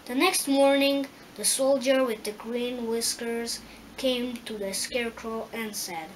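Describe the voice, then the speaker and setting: Slow-reading woman storyteller. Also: a little high, fairly even intonation, slight background noise, low-quality recording. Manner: slow, careful reading with small stumbles. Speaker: reader.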